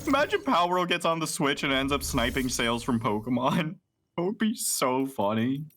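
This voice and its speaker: A man hosting a casual gaming stream, talking in an animated, rambling, profane way. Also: medium pitch, moderate pace, slight background noise. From United States. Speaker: streamer host.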